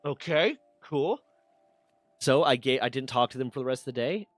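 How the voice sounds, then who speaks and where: A man's voice: mid-range voice, steady tone, fast talker, no room sound. A man streaming, casually telling a personal story with candid swearing and mock voices for others.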